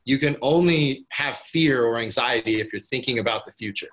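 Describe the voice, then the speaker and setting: A man in relaxed podcast conversation, middle-pitched and eager. He rambles, restarts his sentences and leans on filler words as he gets excited about an idea. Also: normal speed. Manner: enthusiastic, rambling with many restarts and "like". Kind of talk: casual conversation.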